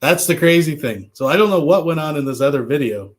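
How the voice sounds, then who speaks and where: A man's voice: on the high side, lively intonation, a little fast. A man hosting a commentary video, talking in a wry, offhand way and swearing casually. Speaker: commentary host.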